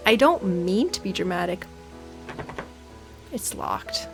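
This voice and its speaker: A woman's voice: a little high, expressive, moderate pace, long pauses. A woman gamer giving playful, dramatic let's-play commentary. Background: game music.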